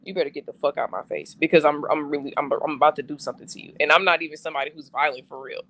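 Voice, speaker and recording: A man's voice: on the high side, fairly even intonation, rapid-fire, sharp tone. A man co-hosting a casual podcast, telling a personal story with lots of slang and swearing. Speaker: podcast co-host.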